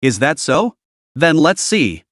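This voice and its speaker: A man's voice: a little high, very animated, slow, a bit bright, dry recording, clean studio sound, heavily acted. A man voicing an arrogant, boastful young contender who taunts his rival.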